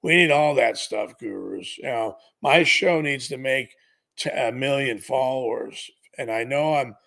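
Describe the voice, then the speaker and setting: A man's voice: mid-range voice, a little slow, creaky, bright, forceful tone. A man in his fifties hosting a live sports betting show, upbeat and talking straight to his viewers, whom he keeps calling "gurus". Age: 50s. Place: studio.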